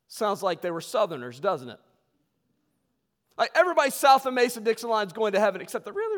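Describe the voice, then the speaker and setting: A man preaches from the pulpit, his voice sitting high for a man. He tells stories with big loud outbursts, then drops to near-hushed lines. His words ring out with the long reverb of a church sanctuary. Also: expressive, brisk. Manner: storytelling, swings from loud outbursts to hushed tones. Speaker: pastor. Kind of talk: sermon.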